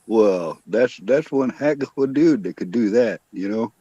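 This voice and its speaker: A man's voice: fairly low pitch, animated, a little slow, mellow, breathy edge, no room sound, muffled recording. A man in casual chat, dropping wry, joking comments.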